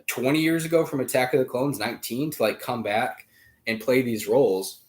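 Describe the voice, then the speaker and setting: A male podcast host talking in a casual, rambling way with lots of fillers and sudden jumps in pitch and loudness. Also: normal speed. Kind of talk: casual chat.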